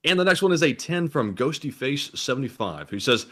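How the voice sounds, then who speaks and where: A man co-hosts a casual livestream chat, reading viewers' donation messages aloud. His delivery is relaxed and steady, at a middling pitch. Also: a little fast.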